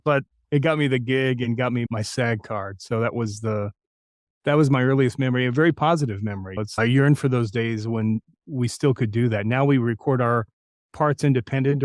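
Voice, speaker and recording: An older voice actor from New Mexico, United States, tells career stories as an interview guest, anecdotal and self-deprecating. His medium-pitched voice has a darkish tone and moves at a moderate pace. The recording is dry with clean studio sound.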